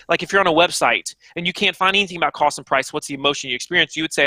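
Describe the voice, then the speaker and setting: Animated author guest, male, high-pitched and bright, punchy delivery, dry sound. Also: rapid-fire, few pauses, no room sound. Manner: animated, emphatic, speaks straight to the audience. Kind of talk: energetic interview answers.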